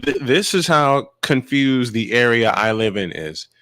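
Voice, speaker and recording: A man's voice: medium pitch, animated, measured pace, bright, forceful tone, dry recording, clean studio sound. A man from Chicago chatting casually about sports as a podcast co-host, emphatic and full of stories. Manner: emphatic, tells stories with lots of affirming fillers.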